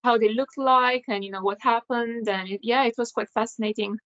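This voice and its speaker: A woman hosting a casual video call interview, listening attentively with soft agreeing sounds and adding her own experiences. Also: on the high side, fairly even intonation, brisk, muffled recording. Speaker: host.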